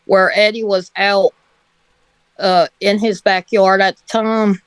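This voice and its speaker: A woman telling a story on a livestream in a slow, hesitant way, often breaking into laughter. Her voice sits at a middling pitch. The recording is dry and close. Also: flat delivery, smooth, dry recording. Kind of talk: casual storytelling.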